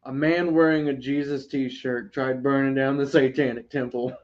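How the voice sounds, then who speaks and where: A man's voice: medium pitch, fairly even intonation, normal speed, darkish tone, muffled recording. A man co-hosting a podcast in casual chat, dropping dry jokes and swearing now and then.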